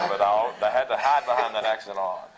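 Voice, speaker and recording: A man's voice: medium pitch, background noise. Laughing Southern man telling stories. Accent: mild Southern American. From Tennessee, USA. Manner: rambling, self-deprecating, laughing often. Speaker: actor on a panel. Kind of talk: anecdotal storytelling on a panel. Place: stage panel before an audience.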